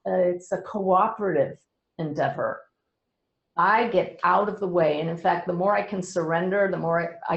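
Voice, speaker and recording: Middle-aged woman, lowish voice, earnest explainer with a light touch of humor, roomy echo. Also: creaky. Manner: earnest, gently humorous storytelling. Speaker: medium and speaker. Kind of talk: explaining to a webinar audience.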